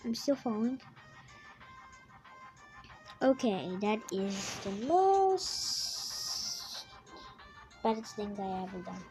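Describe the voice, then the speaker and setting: A young woman giving excitable gameplay commentary, gasping and exclaiming at what happens in the game. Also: medium pitch, slow, pauses often, soft background music, poor audio. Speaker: gaming YouTuber.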